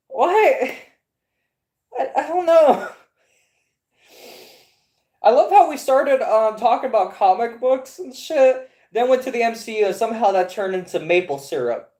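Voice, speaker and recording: A woman's voice: high-pitched, very animated, measured pace, darkish tone, roomy sound. A woman in her twenties chatting casually, profane and incredulous, stammering over restarts as she reads aloud. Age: 20s. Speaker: comics podcast host. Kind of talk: casual rambling commentary, reading aloud from a screen.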